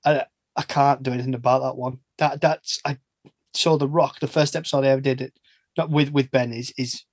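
A man's voice: mid-range voice, fairly even intonation, a little fast, dry recording. A man chatting casually as a podcast host, laughing often and restarting his sentences. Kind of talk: casual chat.

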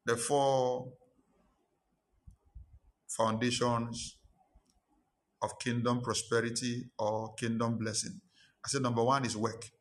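A man's voice: little pitch movement, slow, long pauses. Emphatic Ghanaian preacher man. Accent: Ghanaian English. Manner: emphatic, repetitive preaching that rises in pitch and force. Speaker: pastor. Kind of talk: sermon.

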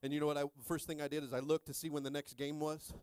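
A middle-aged man pastor preaching a sermon with call-and-response, joking with the congregation and rising into shouted stretches. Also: fairly high pitch, flat delivery, fast, clear, resonant tone.

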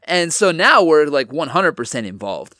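A man's voice: fairly high pitch, very animated, normal speed, sharp tone, no room sound, studio quality. A young man telling a story in a casual podcast chat, loose and full of swearing and "like" fillers.

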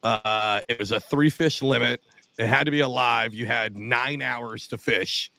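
A man with a gravelly voice, co-hosting a podcast in casual, joking banter. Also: mid-range voice, steady tone, a little slow, pushed and bright, dry recording. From South Jersey. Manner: joking, teasing. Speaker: podcast co-host.

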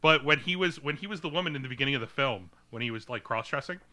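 A man's voice: medium pitch, expressive, fast talker, pushed and bright. A man co-hosting a podcast, reviewing a movie in casual chat and rambling with plenty of fillers and restarts. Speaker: podcast co-host.

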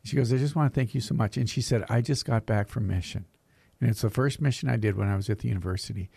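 Fast-talking gravelly priest. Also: male voice, medium pitch, mellow, no room sound. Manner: quick, teasing banter. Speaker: priest and podcast co-host. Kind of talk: casual chat.

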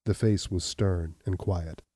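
A man reading a story aloud in an even, measured narration. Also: sits low, no echo, studio quality. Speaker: audiobook reader. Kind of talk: scripted narration.

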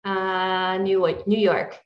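A woman's voice: medium pitch, completely flat delivery, extremely slow, roomy sound, muffled recording. A woman co-hosting a casual book podcast, easygoing and agreeable as she talks. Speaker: podcast co-host. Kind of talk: casual book-club chat.

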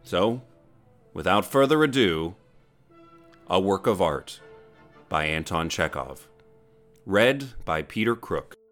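A man's voice: low-pitched, lively intonation, takes it slowly, pauses often, fairly bright tone, soft background music. Man announcing a podcast episode. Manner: upbeat, announcing. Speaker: podcast host, artistic director. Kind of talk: scripted podcast introduction.

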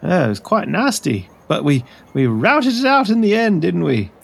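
A man's voice: sits high, sing-song, moderate pace, gravelly, husky, exaggerated voice. A man doing a timid, stammering tusked archer. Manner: stammering, apologetic. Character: timid, polite male archer with tusks. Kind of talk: tabletop role-play.

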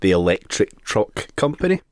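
A man hosting a podcast, presenting news stories with dry, deadpan humor. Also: on the low side, moderate pace, dry recording. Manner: dry, deadpan, laughs often. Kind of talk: casual news banter.

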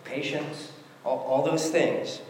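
A man's voice: a little high, little pitch movement, slow pace, a little hiss or hum. A man preaching a sermon, conversational, asking rhetorical questions as he works through scripture. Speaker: pastor. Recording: echoey hall with long reverb.

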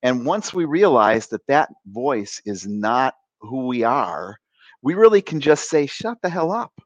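A man's voice: mid-range voice, sing-song, unhurried, no room sound. A man, a coach being interviewed, explaining ideas in a conversational way and acting out quoted voices with animation.

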